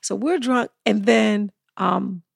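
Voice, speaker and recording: A middle-aged American woman hosting a podcast in casual, animated chat, laughing often and acting out quotes. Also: mid-range voice, takes it slowly, gravelly, no echo, studio quality. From United States. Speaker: podcast host.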